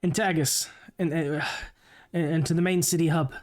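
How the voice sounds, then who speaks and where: A man narrates a tabletop game as its game master. His delivery is halting, with frequent restarts and filler words as he works things out. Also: on the high side, fairly even intonation. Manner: halting, stammering, many fillers.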